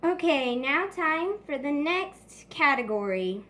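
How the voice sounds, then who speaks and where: With a high, sing-song, fairly bright voice, a woman slowly hosts her homemade toy pet awards. Each category gets a casual, hesitant announcement, and she clears her throat.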